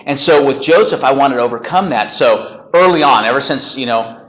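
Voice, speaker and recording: A man's voice: mid-range voice, expressive, fairly quick, fairly bright tone. A man coaching a group session, upbeat and chatty, often laughing and checking in with "right?". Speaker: real estate coach leading a group session. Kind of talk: energetic group coaching talk. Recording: roomy meeting room.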